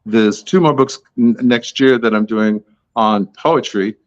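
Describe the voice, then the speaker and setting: A man's voice: lowish voice, measured pace, no room sound, highs cut off. A man being interviewed as an author, talking in a chatty, tangential, self-deprecating way. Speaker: author guest. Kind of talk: podcast interview answers.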